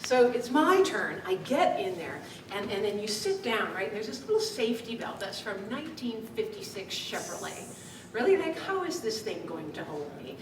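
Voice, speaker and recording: A woman speaking coach telling a lively story to a live audience, laughing often as she talks. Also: mid-range voice, moderate pace. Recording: distant mic in an echoey room with background noise.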